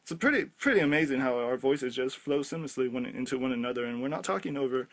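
A man's voice: medium pitch, lively intonation, quick pace, a bit bright. A man playing a polite male toy-company customer service rep on a comedic phone call, stammering and overly courteous. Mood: flustered.

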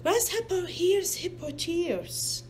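A woman's voice: very high voice, lively intonation, takes it slowly, darkish tone, a little hiss or hum. A mother reading a picture book aloud to her child, stopping often to ask patient, coaxing questions in simple non-native English.

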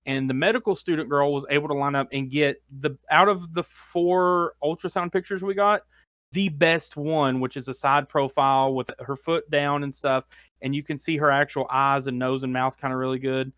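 Man telling rambling anecdotes, slightly higher voice. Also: level tone, normal speed, fairly bright tone, no echo. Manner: rambling anecdotes, heavy use of "like", laughs often. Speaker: podcast co-host. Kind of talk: casual chat, storytelling.

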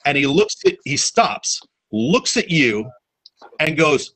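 Male podcast host, bright, husky tone, halting with lots of "uh"s. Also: mid-range voice, poor audio. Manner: halting, many "uh"s, lively storytelling. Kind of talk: casual chat.

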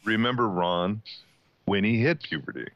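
Chill lowish-voiced guy on a podcast, dry and kinda muffled mic. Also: sing-song, moderate pace, dry recording. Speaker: podcast co-host. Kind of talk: casual podcast chat. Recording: dull lo-fi sound.

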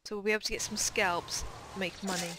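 A young woman hosting a game playthrough, chatty and excitable with quick asides. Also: medium pitch. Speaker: let's play host. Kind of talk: casual gameplay commentary. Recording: noisy home commentary track.

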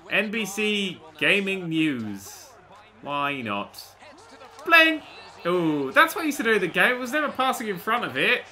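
A man commentating on a video game he is playing, excitable and sweary with jokey exclamations. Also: high voice, a little hiss or hum. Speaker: gaming YouTuber. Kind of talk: let's-play commentary. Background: faint game music.

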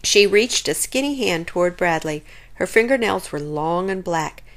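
A woman reading a children's chapter book aloud in an expressive, lively way. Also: lowish voice, moderate pace. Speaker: storyteller.

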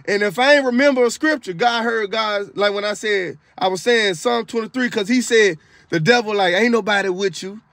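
Man, high voice, casual testimony, emphatic, repetitive, preachy, dry close sound. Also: normal speed, creaky, a bit bright, no room sound. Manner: casual colloquial speech. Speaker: video creator retelling a dream.

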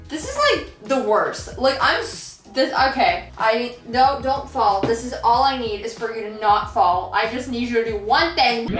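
A woman's voice: fairly high pitch, lively intonation, normal speed, few pauses. A young woman vlogger chatting casually while she paints, rambling and giggly, filling her talk with "like". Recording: echoey room with soft background music.

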